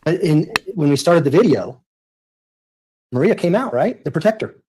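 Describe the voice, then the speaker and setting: A man's voice: fairly high pitch, very animated, normal speed, mellow, slightly rough. A man cross-examining a witness in court, insistent and pressing with his questions. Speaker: prosecutor.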